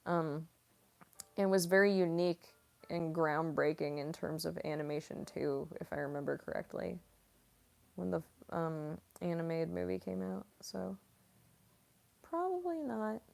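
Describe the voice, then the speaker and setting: A woman's voice: fairly low pitch, steady tone, moderate pace, gravelly, a little mellow. A young woman voice actress chatting casually on a livestream Q&A, rambling and using lots of fillers. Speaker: voice actress and streamer.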